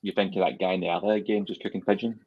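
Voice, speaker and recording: A man, co-hosting a podcast and spinning deadpan, absurd jokes. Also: deep voice, rapid-fire, husky, narrow, tinny audio. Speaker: podcast co-host. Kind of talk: casual chat.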